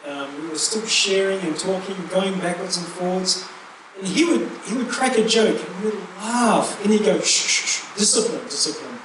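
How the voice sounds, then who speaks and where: A speaker telling light-hearted stories to a gathering. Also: medium pitch. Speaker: youth group member sharing memories. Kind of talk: reflective talk to a gathering. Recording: very echoey room, distant mic, noticeable noise.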